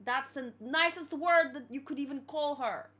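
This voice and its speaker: A young woman hosting a manga read-along, reacting in a chatty, exclamatory way and thinking out loud. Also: sits high, normal speed. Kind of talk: casual reaction commentary.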